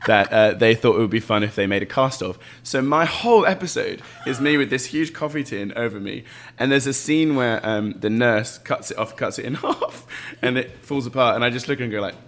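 A man's voice: medium pitch, brisk. A man from England with an accent from Bath, an actor chatting as an interview guest, with many fillers and frequent laughter. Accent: English, from Bath. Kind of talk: casual interview chat.

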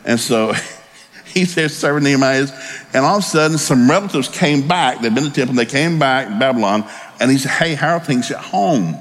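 A pastor preaching a sermon in a folksy, storytelling way with joking asides. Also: male voice, medium pitch, brisk, a bit bright.

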